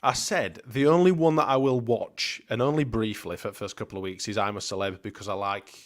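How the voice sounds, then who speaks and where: Sweary, laughing bloke. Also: male voice, lowish voice, fairly quick. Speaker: podcast co-host. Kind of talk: casual football chat.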